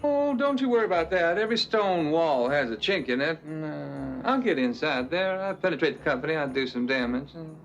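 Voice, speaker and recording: An actor playing a smooth, cocky industrial saboteur with a Savannah accent, in a 1980s film scene. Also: male voice, a little high, expressive, fairly quick, hardly any pauses, a bit bright, slight background noise. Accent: Savannah, Georgia. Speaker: film character.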